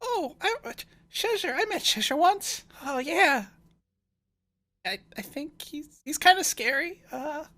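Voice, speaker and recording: A man's voice: extremely high pitch, expressive, unhurried, sharp tone, voice pushed up, heavily acted. A man voicing a timid, pathetic young male cultist servant who stammers and tries hard to please. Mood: anxious.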